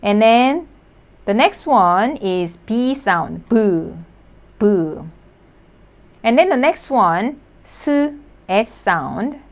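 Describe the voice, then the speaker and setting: A woman leads a beginner lesson. She talks slowly and patiently, repeating each sound. Her voice sits a little high and moves up and down a lot. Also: expressive. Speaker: Korean language teacher. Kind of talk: slow spoken lesson.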